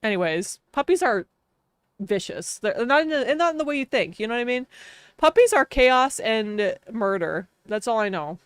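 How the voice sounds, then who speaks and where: A young woman streamer chats casually over her game in a smooth, clean voice. She rambles through self-mocking stories, and the sound is dry and close with no room around it. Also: fairly high pitch, sing-song, moderate pace, no echo. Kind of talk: casual chat while streaming a life-sim game.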